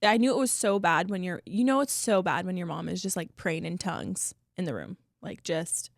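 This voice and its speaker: A woman's voice: lowish voice, normal speed, vocal fry, no echo, clean studio sound. A young woman co-hosting a faith podcast, telling of a frightening birth in an earnest, emotional way, often trailing off. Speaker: podcast co-host. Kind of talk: casual testimony chat.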